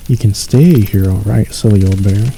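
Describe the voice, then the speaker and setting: A man's voice: lowish voice, moderate pace, warm tone, a little hiss or hum, natural voice, poor audio. Man voicing a kind storybook boy. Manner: fond, matter-of-fact.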